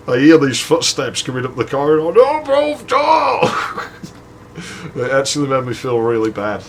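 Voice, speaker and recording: Rich: A man hosts a gaming video and tells a crude, rambling anecdote, chuckling as he goes. His voice sits at an ordinary mid pitch. A faint hiss sits under the recording. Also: a bit bright. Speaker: gaming channel host. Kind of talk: casual storytelling over gameplay.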